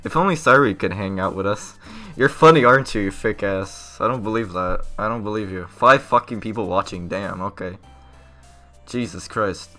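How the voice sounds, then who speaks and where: A man streaming a game live, reacting loudly with a lot of swearing and nervous outbursts. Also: fairly low pitch, moderate pace, soft background music. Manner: loud, profane, jumpy reactions. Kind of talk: live gameplay commentary.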